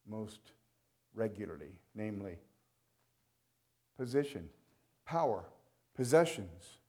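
A pastor with a darkish, mid-range voice preaches a sermon, speaking emphatically and repeating phrases to give them weight.

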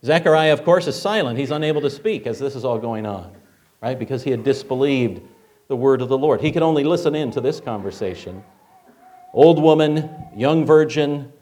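A man's voice: mid-range voice, a little mellow. A male preacher giving a sermon in a conversational way, asking rhetorical questions with frequent filler words.

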